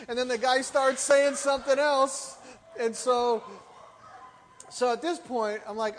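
A man's voice: very high-pitched, normal speed, in a large hall, low-quality recording. A middle-aged male pastor preaching a sermon, telling stories with animation and asking the congregation rhetorical questions.

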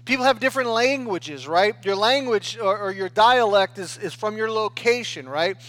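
A man's voice: high voice, lively intonation, moderate pace, a bit bright, no echo. A man preaching a sermon in a conversational style, often checking in with the listeners and restarting his phrases. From United States. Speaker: pastor.

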